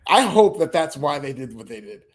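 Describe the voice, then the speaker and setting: Co-host, male, slightly high voice, relaxed opinions, laughs readily. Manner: easygoing, quick to laugh, opinionated. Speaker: podcast co-host. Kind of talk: casual chat.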